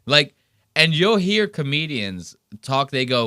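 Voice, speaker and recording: A man's voice: medium pitch, normal speed, no echo, clean studio sound. Profane sarcastic podcast host man. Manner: profane, sarcastic, animated storytelling. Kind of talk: casual commentary on clips.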